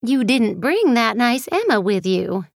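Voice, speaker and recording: A man reading an audiobook, voicing a teasing elderly grandmother in a raised, falsetto-like voice. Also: big pitch swings, measured pace, gravelly, dry recording, studio quality, exaggerated voice. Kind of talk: audiobook character voice.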